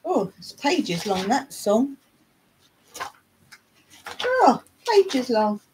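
A woman's voice: fairly high pitch, sing-song, drawn-out words, background noise. A middle-aged woman from England, hosting a casual live chat, talking in a chatty way, reading aloud and singing snatches of songs. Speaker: livestream host.

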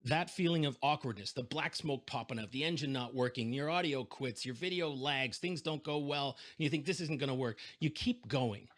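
Over a video call from a home setup, a male keynote speaker tells a story as an animated storyteller, acting out the voices of the people in it. His voice is medium-pitched at a moderate pace with few pauses, picked up by a desk microphone.

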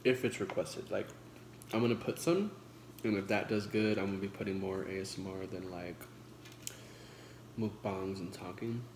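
Casting: young guy, low voice, relaxed slangy mukbang chat between bites, echoey noisy room. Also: normal speed, pauses often. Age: 20s. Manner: laid-back slangy talk with frequent swearing; talks between bites while eating. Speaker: vlogger.

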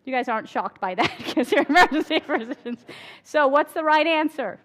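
A woman's voice: sits high, animated, normal speed, a bit bright. A middle-aged woman, an emergency physician, giving a candid conference talk full of stories and laughing at her own stories. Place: conference hall before an audience.

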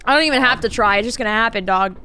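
A young woman streaming a game, joking and yelling profanely at her teammates. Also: a little high, racing. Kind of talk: casual gaming stream chat.

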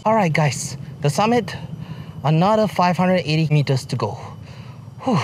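A high, animated male voice with a darkish tone moves at a moderate pace, pausing often, with slight background noise. He's a vlogger hiking a forest trail, winded on the climb, joking and complaining to viewers.

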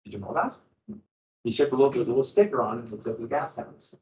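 A man teaching a history class, lecturing in an animated way and quizzing his students as he goes. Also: mid-range voice, fast. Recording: echoey room, dull lo-fi sound.

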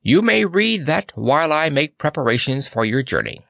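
A man's voice: a little high, very animated, moderate pace, creaky, fairly bright tone, no echo, studio quality, pitched above the performer's own voice, full character voice. A man voicing a pompous, blustering male king with blue whiskers, speaking in a raised, demanding tone. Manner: imperious, demanding.

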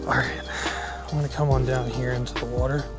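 Excitable man fishing by a pond. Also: mid-range voice, fairly quick, loud music behind the voice. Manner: excited, repeats himself, exclaiming. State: shaky with excitement. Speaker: fishing vlogger. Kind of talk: excited outdoor fishing vlog. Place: outdoors by a small pond.

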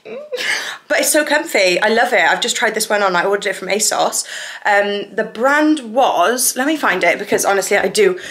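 A woman's voice: mid-range voice, normal speed. Gushing young woman vlogging. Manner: chatty, gushing and excitable. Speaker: family vlogger. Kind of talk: casual vlog chat to camera. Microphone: handheld phone camera.

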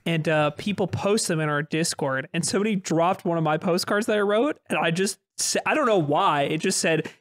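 A man's voice: a little high, brisk, few pauses, fairly bright tone, no room sound, studio quality. A man co-hosting a casual podcast, laying out his points in a back-and-forth. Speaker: podcast co-host. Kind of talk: casual chat.

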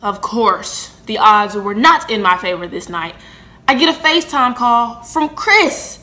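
A woman in her twenties telling a personal story on her vlog, animated and acting out the dialogue. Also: fairly high pitch, unhurried. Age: 20s. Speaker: vlogger.

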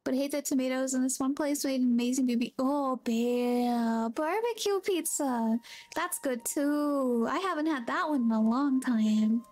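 High-voiced chatty woman streamer. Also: moderate pace, darkish tone, dry recording. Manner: chatty, reads chat aloud, friendly greetings. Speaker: game streamer. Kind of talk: casual gameplay chat.

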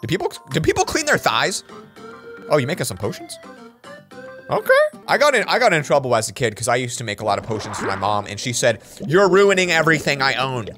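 A man hosting a reaction video, chatting casually with quick asides. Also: mid-range voice, sing-song, a bit bright, soft background music.

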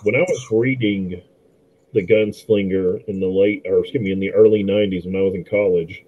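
Chatting about films on a podcast he co-hosts, a middle-aged man fills his talk with fillers and restarts. His voice sits low and steady with a breathy edge, moving a little fast. The audio has a tinny, telephone quality.

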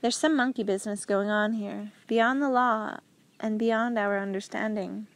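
A woman's voice: medium pitch, steady tone, normal speed, lightly acted. A woman reading as a blunt, stubborn male prisoner. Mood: earnest. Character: outspoken male prisoner farmer, stubborn and earnest. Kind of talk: audiobook character reading.

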